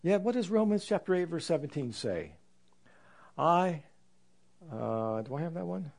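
A man preaching a sermon in an earnest, reflective way, slowing down to stress scripture. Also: fairly high pitch, expressive, gravelly, darkish tone. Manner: earnest, reflective, with slow emphatic scripture quotes.

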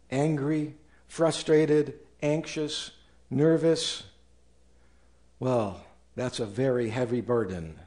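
Man, pastor, sermon, slow deliberate delivery, lively swooping pitch. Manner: preaching with animated rises and quoted voices.

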